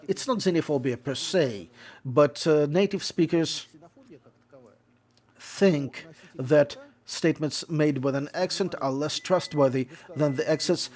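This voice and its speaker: Male lecturer in voice-over, mid-range pitch, measured and explanatory, given to restating points. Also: a little mellow. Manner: measured explanatory delivery with restatements and self-corrections. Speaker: lecturer on interpreting.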